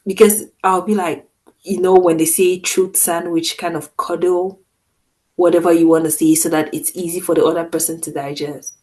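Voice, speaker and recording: A woman co-hosting a podcast in casual chat, talking firmly and emphatically with lively swings in loudness. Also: on the low side, low-quality recording. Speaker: podcast co-host.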